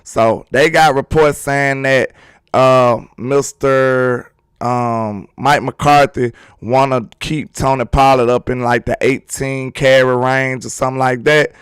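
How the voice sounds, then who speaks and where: A man hosting a sports livestream, chatting casually and excitedly while reading viewer comments. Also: mid-range voice, slow, clean tone, no echo, studio quality. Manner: excitable, talkative, teasing with chat.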